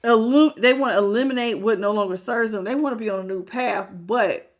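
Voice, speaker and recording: A woman's voice: a little high, brisk. A woman hosting a live tarot reading. She talks frankly and folksily, greets viewers by name and calls them baby. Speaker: tarot reader.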